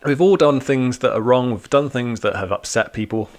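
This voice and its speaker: A man giving a relaxed, joking church talk to young people, teaching like a friendly youth leader. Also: mid-range voice, moderate pace.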